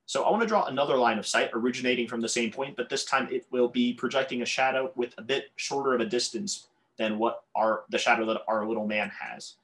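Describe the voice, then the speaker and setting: Drawing on a board, a man teaches a calculus lesson in a steady, slightly bright, medium-pitched voice, speaking a little fast. He's tongue-tied, often stumbling and correcting himself with apologetic asides.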